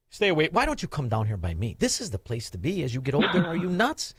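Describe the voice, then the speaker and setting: A man's voice: a little high, wildly swooping pitch, fast talker, hardly any pauses, breathy edge, no room sound. A man hosting a talk radio show, brash and mocking as he banters with callers.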